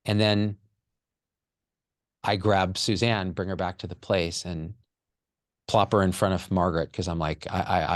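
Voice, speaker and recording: Man, low voice, candid and emotional, swears freely, dry close sound. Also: dry recording. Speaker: podcast guest. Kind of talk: personal storytelling.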